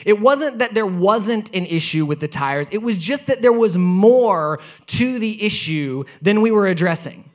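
A man's voice: sits high, lively intonation, unhurried, hardly any pauses. A man in his thirties preaching a sermon, telling a personal story in a conversational way and building to emphatic points. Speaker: pastor.

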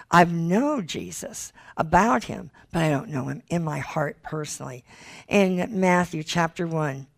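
A woman's voice, set a little low, carries this sermon. She speaks earnestly and pleads with her listeners, reading scripture aloud and weaving in her own testimony. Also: vocal fry, a little mellow. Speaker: Christian speaker.

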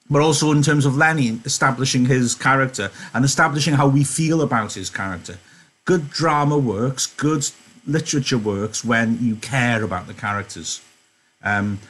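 A man's voice: medium pitch, slightly rough. A man teaching an online literature lesson, chatty and joking, interrupting his own reading to explain. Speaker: English teacher.

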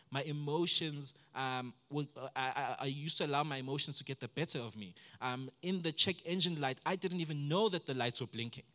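A man, a pastor from South Africa, preaching a sermon and telling stories about his own life, sometimes acting out his past outbursts loudly. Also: medium pitch.

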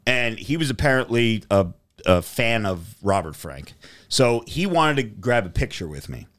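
A man's voice: lowish voice, moderate pace. A man hosting a podcast, telling a story casually with lots of swearing and acted-out dialogue. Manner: profane, animated storyteller acting out dialogue. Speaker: podcast host.

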